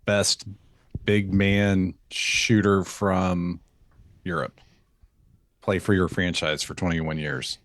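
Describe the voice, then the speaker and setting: A man who is a podcast guest in casual chat, calm and matter-of-fact. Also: low voice, takes it slowly, pauses often, no echo.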